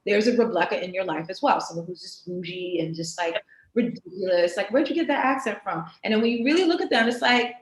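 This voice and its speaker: Animated New York woman on a call. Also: fairly low pitch, fast talker, a little hiss or hum. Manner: animated, emphatic storytelling. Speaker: guest artist. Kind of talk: casual interview chat. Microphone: video call. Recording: roomy echo on a video call.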